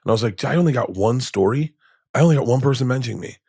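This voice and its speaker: A man in his fifties, a comedian guest telling stories in a podcast interview, rambling and animated, acting out quoted lines with many restarts. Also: medium pitch, rapid-fire, gravelly, slightly rough, no room sound, studio quality. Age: 50s. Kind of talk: candid storytelling in conversation. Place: podcast studio.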